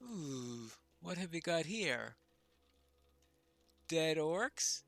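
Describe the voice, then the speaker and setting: A man's voice: fairly high pitch, very animated, drawn-out words, creaky, long pauses, fairly bright tone, soft background music. A man giving casual let's-play commentary, chatting wryly to himself as he plays. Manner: chatty, wry asides to himself. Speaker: gamer.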